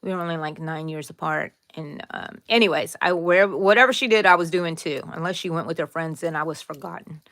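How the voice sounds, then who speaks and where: A woman's voice: sits low, fairly quick, few pauses, a bit bright, no echo, studio quality. A middle-aged woman hosting a casual live crochet tutorial, chatting, drifting into side stories, and answering viewers by name.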